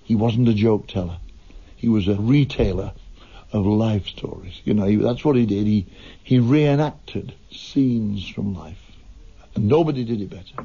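A man's voice: fairly low pitch, gravelly, mellow, breathy edge. A man commenting admiringly on a comedian's work. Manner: admiring, measured. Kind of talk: radio tribute. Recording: dull old radio recording.

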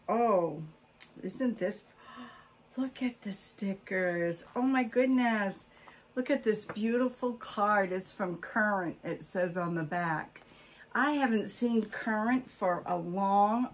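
With a slightly rough, mid-range voice, an older woman vlogger chats casually as she opens fan mail. Oohs, gasps and exclamations of delight keep spilling out.

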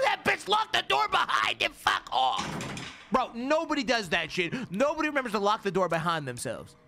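A young man streams a horror game in a high, restless voice that leaps all over the place. He swears freely, calls his chat "gang," and hushes to a whisper when he gets scared. Game music plays clearly behind him. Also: wildly swooping pitch, normal speed. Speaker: gaming streamer. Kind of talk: live horror game commentary.

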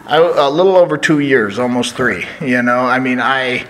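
A man's voice: mid-range voice, normal speed, fairly bright tone, a little hiss or hum, rough recording. A man, a professional wrestler, telling stories as a guest in a casual interview, with lots of "you know" fillers.

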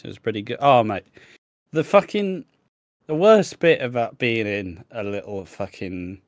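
A man's voice: medium pitch, dry recording. A young man chats casually as a podcast co-host, telling rambling stories full of profanity and laughing at himself. His voice sits in a middling register. The sound is dry and close, with no room behind it. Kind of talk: casual chat.

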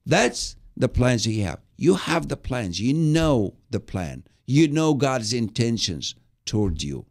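Lively enthusiastic male preacher. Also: medium pitch. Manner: enthusiastic, repeats words for emphasis; explains and applies scripture. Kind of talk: live webcast sermon.

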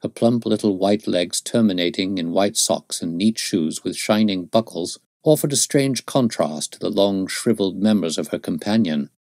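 A man narrating a classic novel as an audiobook, in steady, measured storytelling. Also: low-pitched, dry recording, clean studio sound.

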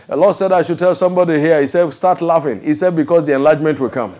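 High-pitched emphatic male preacher. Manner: emphatic, repeats "ladies and gentlemen", asks the crowd if they follow; swings between fast rushes and slow drawn-out proclamations. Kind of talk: preaching sermon with prophetic declarations.

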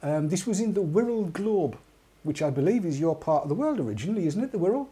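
A man's voice: high-pitched, lively intonation, fast, warm tone, slightly rough. An English man co-hosting an online talk show, chatting casually and reading a news story aloud with wry, jokey asides. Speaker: podcast co-host.

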